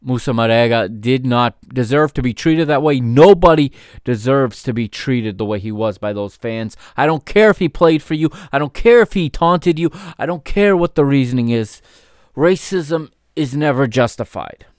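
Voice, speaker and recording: A man's voice: medium pitch, lively intonation, normal speed, a little mellow, no echo. Dude going off on his podcast, heated and sweary, dry close mic. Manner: heated, ranting, swears, laughs in disbelief. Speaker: podcast host. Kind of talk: opinionated sports podcast rant.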